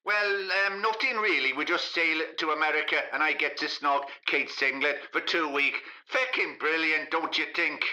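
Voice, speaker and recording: A man's voice: fairly high pitch, moderate pace, hardly any pauses, pushed and bright, low-quality recording. A man doing a cheeky fake-Irish movie star. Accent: put-on Irish. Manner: swearing, blunt, pleased with himself. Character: comic Leo impression, Irish-talking movie star. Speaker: phone-in guest.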